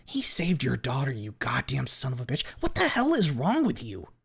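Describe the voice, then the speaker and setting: A man voicing a furious male creature who shouts in outrage, with a husky voice, while reading a story aloud. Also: medium pitch, moderate pace, full character voice.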